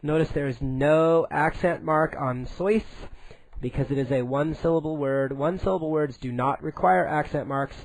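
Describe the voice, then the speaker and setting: A man teaching a recorded Spanish grammar lesson in English, explaining slowly and deliberately with frequent "uh" fillers. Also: on the high side, low-quality recording.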